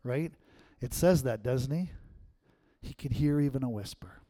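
A male pastor preaching a sermon in church, telling stories and acting out voices, swinging between loud and hushed. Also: mid-range voice, measured pace. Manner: animated storyteller, acts out quotes, swings from loud to hushed.

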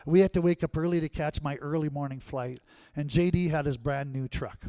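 A middle-aged man preaching a sermon, telling a personal story and acting out his own lines with rising pitch and volume. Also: brisk, no room sound. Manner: animated storyteller, acts out his own past quotes with rising pitch and loudness. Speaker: pastor.

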